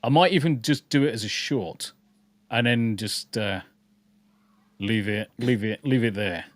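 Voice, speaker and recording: A man's voice: on the low side, measured pace, no room sound. Male co-host, casual ranting chat, sweary, dry close sound. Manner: blunt, sweary, rambling with restarts. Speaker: podcast co-host. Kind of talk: casual live-stream chat.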